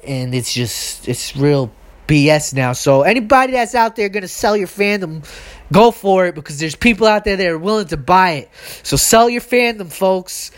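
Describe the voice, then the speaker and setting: A woman hosting her own podcast, delivering a heated, exasperated solo rant with profanity and sudden high outbursts. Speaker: podcast host. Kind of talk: solo ranting monologue.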